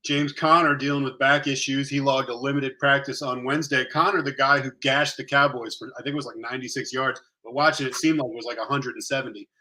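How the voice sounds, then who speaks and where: A man co-hosting a fantasy football show in a relaxed, chatty, conversational way. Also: mid-range voice, fast, hardly any pauses. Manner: chatty, conversational, uses fillers and tangents. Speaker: fantasy football podcast co-host. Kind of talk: casual sports analysis chat.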